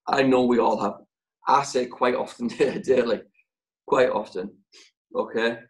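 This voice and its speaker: A man leading a sales training session over a video call, speaking in short, punchy phrases with deliberate pauses. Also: medium pitch, low-quality recording. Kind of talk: motivational training talk.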